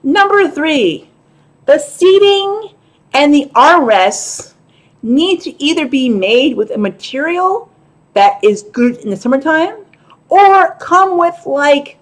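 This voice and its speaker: A woman's voice: sits high, lively intonation, takes it slowly. A woman talking casually to camera as a vlogger, frank and a little profane, with laughing asides. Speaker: vlogger and show host.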